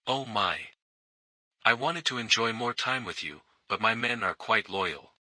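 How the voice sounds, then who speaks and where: A man's voice: on the low side, expressive, measured pace, pushed and bright, dry recording, exaggerated voice. A man reading a coy, teasing young woman.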